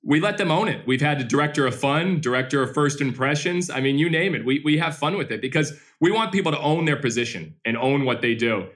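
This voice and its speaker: A man who owns a baseball team, answering interview questions as an energetic, animated storyteller. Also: mid-range voice, a little fast, few pauses.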